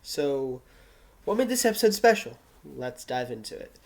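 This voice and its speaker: Man, solo vlog review, rambling casual recap full of fillers, self-correcting, home camera mic, middle pitch. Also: very animated, moderate pace, gravelly, darkish tone. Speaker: vlogger reviewing a TV episode.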